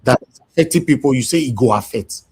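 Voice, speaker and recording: Husky Nigerian male host, angry and emphatic, mid pitch. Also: lively intonation, fast talker, darkish tone. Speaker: show host. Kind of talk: heated group discussion.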